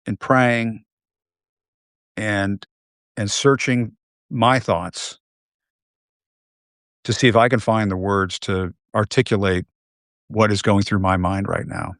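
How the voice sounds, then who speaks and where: A male host speaking with anger and emotion, halting and repeating himself as he comments live. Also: fairly low pitch, steady tone, no echo, studio quality.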